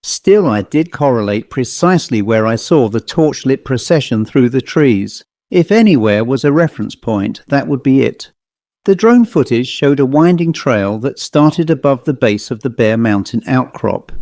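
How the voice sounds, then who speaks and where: An Englishman with an English accent reading his own first-person ghost story in a measured, descriptive way. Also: medium pitch, expressive, a little mellow, no room sound. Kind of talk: first-person audiobook narration.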